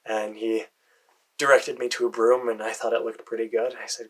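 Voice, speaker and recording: An American man telling a first-person fantasy story, hesitant with fillers and soft muttered asides. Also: lowish voice, little pitch movement, a little fast, husky, rough recording.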